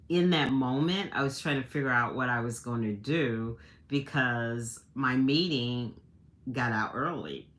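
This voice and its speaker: A woman with a bass voice and a fairly bright tone hosts a livestream. She tells a personal story to her live audience in a chatty, casual way, laughing often and restarting her sentences.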